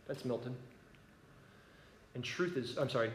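A man with a medium-pitched voice speaks briskly as he shares an earnest personal story with a gathering. He keeps it conversational and often asks whether his listeners follow. The room is echoey with faint ambience.

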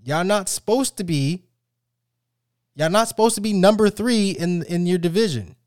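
A man with a high-pitched voice speaks at normal speed on a sports podcast he co-hosts, recorded dry with studio quality. He rants animatedly about football in casual banter, with lots of restarts and tangents.

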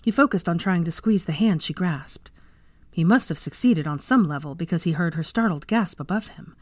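A woman with a lower voice narrates a story in a steady, measured way, like an audiobook. The sound is dry and close, with no room ring. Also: no room sound. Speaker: fan fiction reader.

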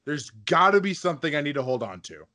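A young man in casual chat, pausing often to search for his words. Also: a little high, big pitch swings, a crowd in the background. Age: young adult.

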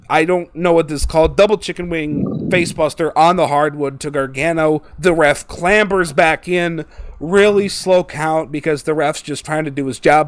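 Male host, casual wrestling recap, slightly higher voice, dry close mic, animated, does exaggerated voices for quotes. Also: no echo.

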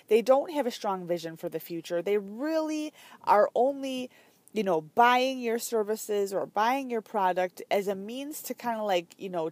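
A woman's voice: mid-range voice, darkish tone, dry recording. A woman talking as a fitness business coach in a casual, chatty way, full of fillers and emphatic asides.

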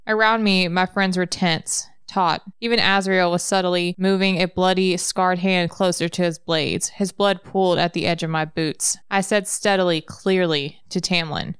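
Woman reading a novel aloud, low smooth voice, dry close sound. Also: fairly even intonation, moderate pace, few pauses, a bit bright, dry recording. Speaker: reader.

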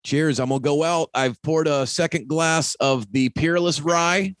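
A man's voice: a little high, unhurried, fairly bright tone, dry recording. A man hosting a casual interview podcast, folksy and enthusiastic, joking as he wraps up the show. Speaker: podcast host.

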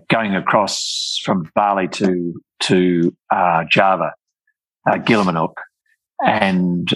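An older man, telling travel stories in casual chat, with many halting restarts. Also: deep voice, a bit bright, no room sound, rough recording. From Australia.

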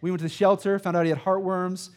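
Thirties male student pastor, emphatic sermon delivery, pitched a bit high. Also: little pitch movement, fast talker. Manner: emphatic preaching with repeated "right?" and a personal story. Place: church sanctuary.

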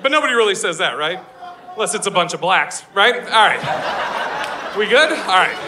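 A man doing a stand-up comedy set on a live stage, loud and brash, swearing and laughing at his own jokes. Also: high-pitched, lively intonation, moderate pace, a crowd in the background, noisy background. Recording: live show with audience laughter.

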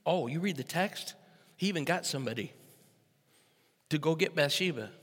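A man in his sixties preaching a sermon as pastor, moving from easy storytelling to loud, emphatic preaching. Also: on the high side, expressive, normal speed. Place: church sanctuary. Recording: echoey hall with long reverb.

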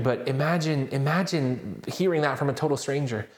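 Male pastor, mid-range voice, animated self-deprecating preacher, roomy church acoustics. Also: medium pitch, moderate pace, hardly any pauses. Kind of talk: sermon with personal story.

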